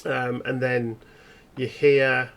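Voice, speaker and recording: Gravelly guy running a horror rpg, stops and restarts a lot while describing stuff. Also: medium pitch, little pitch movement. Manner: halting, descriptive storytelling. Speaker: game master. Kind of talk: narrating a tabletop horror game.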